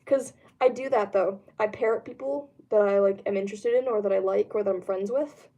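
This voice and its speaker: Talking fairly quickly in a warm, medium-pitched voice, a young woman streams from her room at home and responds to live chat. Her casual talk rambles, is peppered with ums, and now and then dissolves into laughter.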